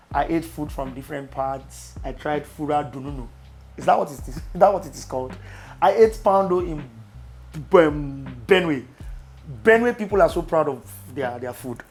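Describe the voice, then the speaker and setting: A young Nigerian man with a Nigerian accent, casually telling travel stories to camera with loud exclamations. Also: fairly high pitch, normal speed, faint music behind. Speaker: vlogger.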